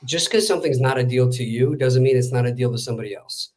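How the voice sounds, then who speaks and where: Fast-talking chatty man. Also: mid-range voice, darkish tone. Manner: rapid, chatty, with many fillers. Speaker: real estate wholesaler, guest. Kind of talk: casual storytelling interview.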